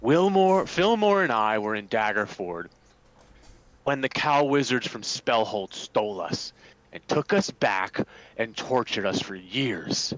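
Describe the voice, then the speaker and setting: A man's voice: on the low side, lively intonation, a little slow, a bit bright, dry recording, rough recording. A man playing a haunted, suspicious young wizard. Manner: urgent, stammering, suspicious.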